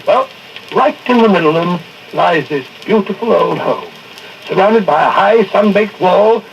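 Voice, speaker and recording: Dr. Watson, hearty and flustered. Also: male voice, high-pitched, lively intonation, moderate pace, creaky, a little hiss or hum. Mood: narrating. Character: Dr. Watson, hearty, earnest doctor companion. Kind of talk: 1940s radio acting. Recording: dull old radio broadcast recording.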